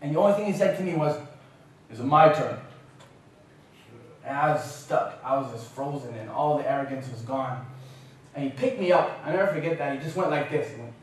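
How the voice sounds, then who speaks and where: A man giving a university talk, telling an animated, self-mocking story. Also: a little high, fast, slight background noise. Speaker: guest speaker. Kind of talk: lecture storytelling. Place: university lecture room. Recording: echoey lecture hall from far off.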